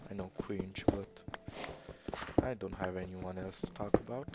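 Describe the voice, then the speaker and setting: A man's voice: deep voice, steady tone, unhurried, very noisy. A young man with an Eastern European accent, rambling through casual gameplay commentary in a hesitant, self-deprecating way. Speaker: let's player.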